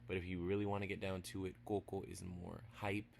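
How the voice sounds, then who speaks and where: A man giving a casual language lesson, playful and teasing, spelling words out slowly piece by piece and dropping into quiet asides. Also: deep voice, animated, gravelly, a little hiss or hum. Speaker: language teacher.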